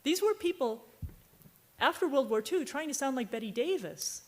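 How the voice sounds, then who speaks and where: A woman's voice: sits high, lively intonation, normal speed. A woman novelist from Virginia on a book fair panel, telling a long, digressive anecdote and trailing off mid-sentence. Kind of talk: panel discussion, rambling anecdote.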